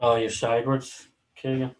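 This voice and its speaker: A man's voice: medium pitch, level tone, moderate pace, a little hiss or hum, low-quality recording. Rambling man hosting a hobby livestream. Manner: rambling, swears casually, chuckles. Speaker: livestream host. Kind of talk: casual chat.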